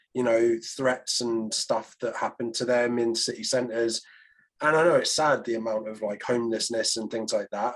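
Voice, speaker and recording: A man's voice: mid-range voice, husky. A British man co-hosting a casual Bible podcast, speaking in an earnest, reflective way with frequent fillers. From Britain. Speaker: podcast co-host. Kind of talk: casual chat about the Bible.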